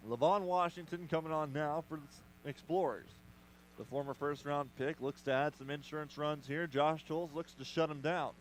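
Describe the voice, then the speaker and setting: A man doing play-by-play commentary for a baseball radio broadcast, brisk with playful asides. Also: on the high side, steady tone, a little hiss or hum, rough recording. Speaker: play-by-play announcer.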